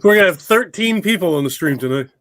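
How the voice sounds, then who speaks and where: A man's voice: sits high, animated, fast talker, a bit bright, dry recording. A man chatting as a guest on an online call, candid and blunt, swearing casually. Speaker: guest, video creator. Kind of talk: casual chat.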